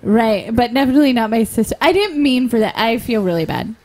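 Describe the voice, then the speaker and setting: A woman's voice: a little high, animated, fairly quick, a little mellow. A woman comedian co-hosting a live show stream, chatting casually, bubbly and self-deprecating, laughing often. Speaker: comedian and podcast co-host. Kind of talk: casual chat.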